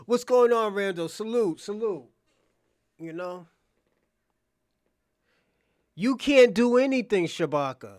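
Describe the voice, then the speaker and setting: A man's voice: high voice, animated, slow pace, long pauses, darkish tone. A man hosting a podcast live stream, bantering with chatters in a brash, mocking, profane way. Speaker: livestream podcast host. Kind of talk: casual live chat reacting to viewers.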